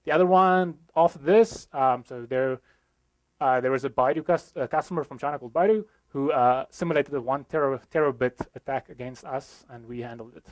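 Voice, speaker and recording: A man's voice: medium pitch, fairly quick, no room sound, poor audio. A young South African man giving a joking, filler-heavy conference talk about his work. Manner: self-deprecating, joking, many fillers. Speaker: conference speaker.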